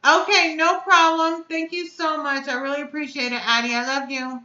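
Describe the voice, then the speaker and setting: A woman's voice: high-pitched, steady tone, moderate pace, sharp tone, reverberant, dull audio. A woman hosting a casual live stream, chatting effusively and answering her viewers' comments aloud. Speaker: vape reviewer hosting a live chat.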